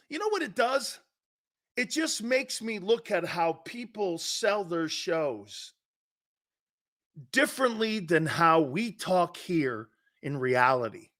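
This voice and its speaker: A man's voice: high-pitched, fairly bright tone. A man hosting a sports talk show, ranting in a sarcastic, mocking way. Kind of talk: opinionated sports talk rant.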